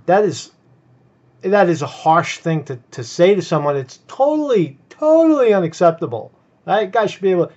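Stammering male vlogger, fairly high voice, dull lo-fi sound, rants and keeps asking "right?". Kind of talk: ranting commentary.

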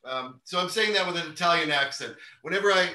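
A man's voice: fairly high pitch, expressive, brisk, bright, forceful tone, reverberant, far from the mic, low-quality recording. A man cooking in his home kitchen, joking and chatting as he demonstrates a recipe over a video call. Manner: joking, chatty, laughs at his own jokes. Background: music playing.

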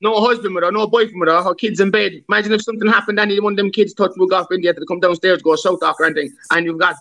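A man's voice: high voice, fairly even intonation, rapid-fire, creaky, fairly bright tone, low-quality recording. A man hosting a live-stream panel, ranting abusively with heavy swearing and repeated insults. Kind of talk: angry live-stream rant.

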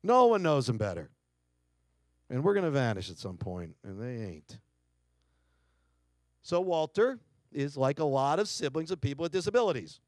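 A man's voice: on the high side, big pitch swings, moderate pace, long pauses, a little mellow, no echo, studio quality. A middle-aged man giving a keynote talk, telling a family story dramatically and acting out quotes. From United States. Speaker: keynote speaker. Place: lecture hall.

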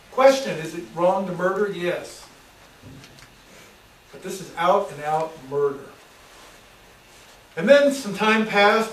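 A Texan preacher with a high-pitched voice delivers his sermon in bursts, shouting one moment and dropping low the next. He stands some distance from the mic in a church room full of echo. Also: slight background noise. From Texas. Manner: preaching with sudden loud shouted bursts and hushed asides. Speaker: pastor. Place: church sanctuary. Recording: echoey church room from far off.

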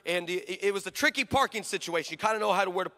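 A male preacher tells a comic story in a high, bright, forceful voice. He jokes with the congregation and acts out both sides of each exchange. His voice carries a long reverb from the hall. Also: very fast. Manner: animated, joking, acts out dialogue.

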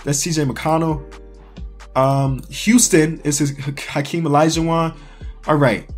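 A sports YouTuber from around Chicago runs through a sports quiz with casual commentary, speaking a little high and a little slow over faint music. He gets excitable, talks to himself, and cries out when frustrated.

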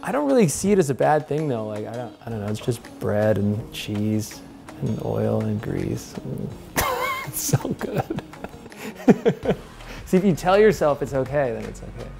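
A man in his thirties, an interview guest talking at home in a relaxed, chatty way, with frequent laughs and fillers. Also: medium pitch, moderate pace, creaky, music in the background. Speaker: interview guest, pro snowboarder. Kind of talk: casual chat. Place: house, indoors.

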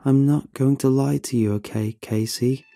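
A man reading a horror story and voicing an unsettlingly calm young man who speaks softly. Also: mid-range voice, moderate pace, vocal fry, dry recording, voice pushed up, close to an everyday voice. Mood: eerie calm. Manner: soft-spoken.

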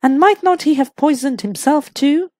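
A woman's voice: sits high, lively intonation, moderate pace, darkish tone, no room sound, clean studio sound, voice pushed up. A woman voicing a naive young actress who speaks bluntly and sounds puzzled.

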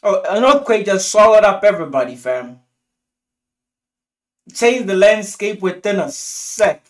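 Guy from africa rambling thru a tv episode review, cussing a lot, voice jumping all over the place. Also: a little slow. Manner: rambling, animated, profane, swings pitch widely. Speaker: TV show reviewer. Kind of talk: casual episode review commentary.

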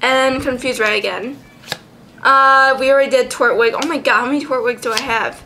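A woman vlogger chatting casually, giggly and excitable, swearing freely as she goes. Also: sits high, normal speed, a little hiss or hum. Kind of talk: casual chat.

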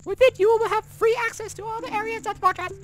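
A man voicing a haughty female thief leader in a high falsetto, reading game dialogue with mock grandeur. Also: steady tone, quick pace.

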